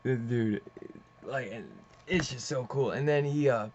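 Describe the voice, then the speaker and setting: A young man casually reviewing a comic book, rambling and excitable, swearing and saying "dude" often. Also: medium pitch, unhurried, crowd noise. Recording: slightly dull lo-fi audio with faint hiss.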